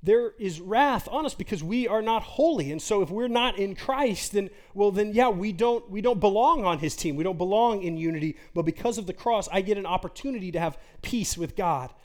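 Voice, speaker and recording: A man's voice: high voice, expressive, brisk, hardly any pauses, darkish tone. A man in his forties preaching an earnest, conversational sermon as a pastor, full of rhetorical questions.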